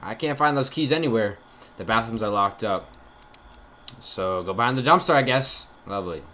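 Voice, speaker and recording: Chatty young man with a bright voice. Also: fairly low pitch, animated, moderate pace. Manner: chatty, jokey, talks to viewers. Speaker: gaming YouTuber. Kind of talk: horror game let's play commentary. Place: dark room at home. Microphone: desk mic, face cam.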